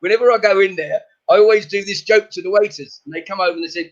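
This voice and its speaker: Male comedian, high bright voice, one-liners, dull video-call sound. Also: very fast, hardly any pauses. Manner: rattles off one-liners, laughs at his own jokes. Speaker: comedian guest. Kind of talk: stand-up jokes in casual chat.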